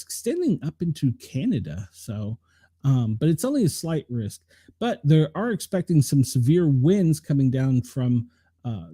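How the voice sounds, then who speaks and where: A man's voice: on the high side, warm tone, dry recording, studio quality. A middle-aged man, rambling casually through a weather rundown and talking to viewers by name. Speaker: show host reading the weather.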